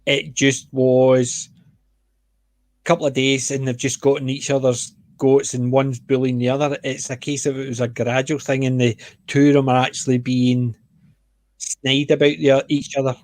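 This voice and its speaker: A Scottish man hosting a stream, chatting casually about a book, self-mocking and quick to laugh. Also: mid-range voice, level tone, darkish tone, no room sound. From Scotland. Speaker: stream host.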